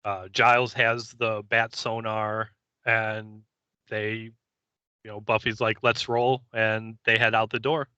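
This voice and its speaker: A man co-hosting a podcast, casually recapping an episode scene by scene and slipping into quick character voices. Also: lowish voice, flat delivery, pushed and bright, clear, resonant tone, dry recording, highs cut off. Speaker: podcast co-host.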